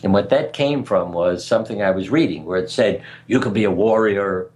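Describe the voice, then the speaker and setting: Older man with a deep, low voice. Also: normal speed, a little mellow. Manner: earnest, anecdotal, chuckles at his own stories. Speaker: guest speaker. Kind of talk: conversational storytelling interview. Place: radio interview.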